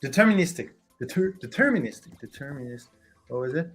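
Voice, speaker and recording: A host chatting casually with viewers on a livestream, halting and restarting while hunting for the right English word. The voice sits at a middling pitch, with soft music faintly underneath. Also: lively intonation. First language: French. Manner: hesitant, searches for English words, restarts a lot.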